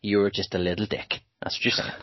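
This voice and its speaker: A young man telling football stories in a casual podcast chat, animated and laughing often. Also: lowish voice, quick pace, a little hiss or hum. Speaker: podcast co-host. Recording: dull dry podcast mic.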